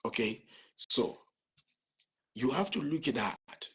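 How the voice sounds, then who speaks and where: A man delivers a motivational lecture in a very husky, breathy voice with a gravelly edge. He repeats his points and keeps asking the listener rhetorical questions. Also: mid-range voice, very animated, takes it slowly, pauses often, a bit bright. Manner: repetitive, asks rhetorical questions. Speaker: motivational speaker.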